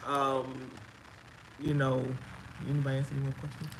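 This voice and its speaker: A woman sharing her own experience as a guest on a live chat, telling it in an emphatic, animated way. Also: extremely low pitch, moderate pace, slight background noise, low-quality recording. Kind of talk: casual live-stream chat.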